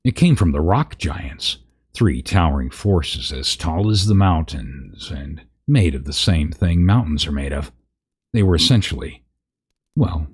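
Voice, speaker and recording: A man reads a parody fantasy tale aloud, stopping now and then for dry, wry asides about the text. His voice sits extremely low and husky. The delivery is casual comedic storytelling. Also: a little mellow. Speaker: narrator.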